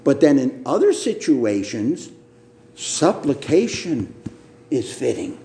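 Emphatic preacher in an echoey room. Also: male voice, mid-range voice, big pitch swings, mellow, slight background noise. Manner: emphatic, repeats words, slow deliberate teaching. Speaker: pastor. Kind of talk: sermon. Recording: roomy echo.

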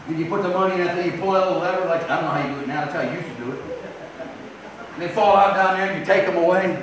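High-voiced older man preaching in an echoey church. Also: a little fast, pauses often, noisy background. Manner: emphatic, swings from loud outbursts to quiet asides. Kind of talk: storytelling sermon. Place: church sanctuary. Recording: very echoey, distant mic.

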